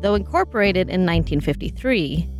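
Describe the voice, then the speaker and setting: A woman's voice: lowish voice, lively intonation, brisk, faint music behind. A woman co-hosting a trivia podcast, reading out questions and bantering in a giggly, self-deprecating way.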